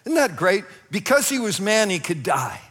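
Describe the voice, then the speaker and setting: A man with a high voice delivers a sermon as a pastor. He preaches with animated energy, laughing often and crying out in places. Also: normal speed, long reverb tail.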